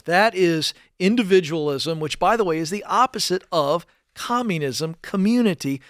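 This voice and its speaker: A man co-hosting a radio talk show with a slightly higher voice. He agrees easily and tells his story calmly. The studio sound is close and dry. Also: dry recording. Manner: agreeable, brief backchannels, then a calm story. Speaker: radio co-host. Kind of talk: casual studio chat.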